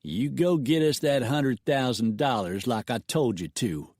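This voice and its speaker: Outlaw gang leader, cold and threatening, slow drawl, dry sound, male narrator voicing him. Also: medium pitch, a little mellow, no room sound, lightly acted.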